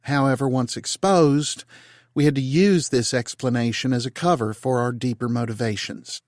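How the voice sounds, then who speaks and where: A male narrator voicing a female senator who gives a measured, formal briefing. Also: medium pitch, dry recording, studio quality, close to an everyday voice. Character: brisk female senator leading a secret briefing.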